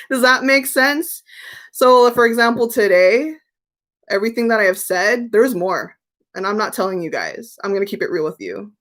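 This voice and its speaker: A young woman's medium-pitched, slightly bright voice, at normal speed, runs a loose tarot live stream. Chatty and candid, she reads viewers' questions aloud as they come in and answers easily, like talking to friends.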